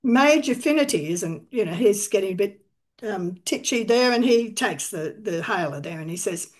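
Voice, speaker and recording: A woman's voice: mid-range voice, expressive, moderate pace. A woman telling a historical sea story in conversation, now and then briefly voicing the people she quotes. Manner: recounts events, briefly voicing quoted figures. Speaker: storyteller guest.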